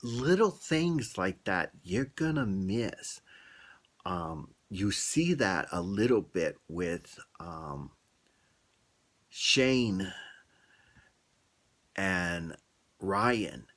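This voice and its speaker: A man's voice: low-pitched, animated, extremely slow, pauses often, fairly bright tone. A man vlogger telling a story in a casual, chatty way and asking his viewers questions.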